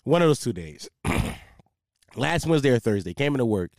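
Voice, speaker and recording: A man's voice: medium pitch, a little fast, dry recording, clean studio sound. A young man hosting a casual solo podcast, talking in a profane, rambling way and losing his train of thought. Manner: profane, rambling, loses track, animated storyteller. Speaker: podcast host.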